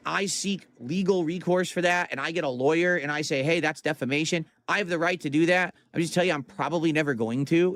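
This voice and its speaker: A man livestreaming to his chat in a casual, profane and defensive rant. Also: on the high side.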